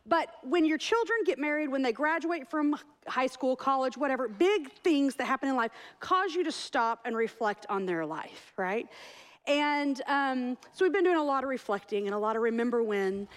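A woman's voice: high voice, animated, moderate pace. A woman, a pastor preaching a sermon in a church in a chatty, joking storytelling way. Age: 40s. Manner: chatty, self-deprecating storytelling.

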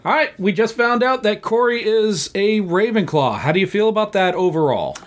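Male podcast host, slightly high voice, teasing, keeps things rolling. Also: lively intonation. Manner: teasing, quick to laugh, steering the segment. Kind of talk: casual comedic podcast banter.

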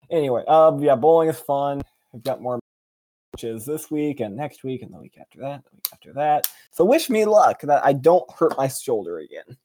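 Man, podcast co-host, casual chat, jokey, animated, middle pitch. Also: normal speed. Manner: animated, jokey, pitch jumps when excited.

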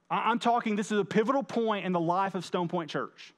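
A man's voice: sits high, brisk, hardly any pauses. A man preaching a conversational sermon, often stumbling over and repeating words as he acts out the lines he reads. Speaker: pastor.

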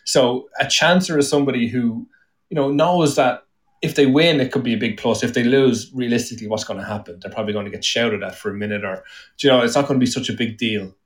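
An Irish man chatting casually on a podcast, swearing freely, laughing often and getting loud and excited. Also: mid-range voice, quick pace, far from the mic. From Ireland. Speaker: guest.

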